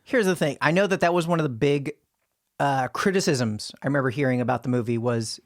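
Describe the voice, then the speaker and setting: A man chatting casually as a podcast guest, playful and quick to try out silly accents. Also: mid-range voice, dry recording, clean studio sound.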